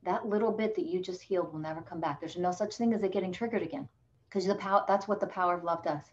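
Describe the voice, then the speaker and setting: A woman's voice: fairly low pitch, fast talker, muffled recording. A woman coach speaking as a podcast guest, emphatic and motivational, growing impassioned as she makes her points. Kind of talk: podcast interview.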